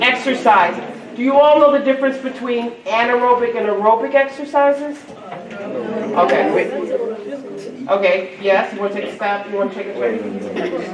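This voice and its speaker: Woman keynote speaker, playful and coaxing with a youth audience; distant mic, roomy hall. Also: fairly high pitch. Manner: lively, coaxing, quizzes the crowd. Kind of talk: interactive talk to a youth audience. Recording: echoey hall from far off, crowd.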